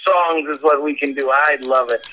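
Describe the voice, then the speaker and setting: A man's voice: fairly high pitch, steady tone, moderate pace, noisy background. A man co-hosting a podcast in friendly casual chat who laughs often. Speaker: podcast co-host.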